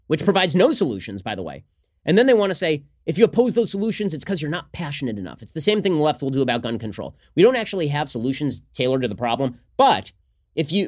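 Male podcast host, sarcastic and combative, rapid-fire delivery, slightly high voice. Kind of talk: fast solo political commentary.

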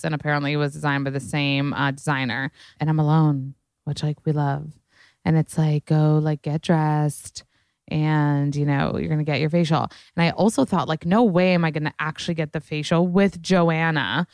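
A woman hosts a solo podcast, talking in a frank, rambling way, peppered with profanity and "like". Her voice sits low and comes across smooth and clear. The recording is dry and close, with no room echo. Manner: candid, profane, chatty with fillers. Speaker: podcast host. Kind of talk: casual solo podcast chat.

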